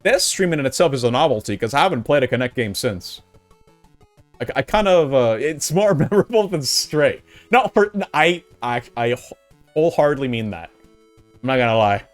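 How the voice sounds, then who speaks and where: A man's voice: medium pitch, no room sound. Young male streamer, casual rambling commentary, lots of restarts, dry close sound, faint music underneath. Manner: rambling, with frequent restarts and filler; gets excited and laughs when recalling fun moments.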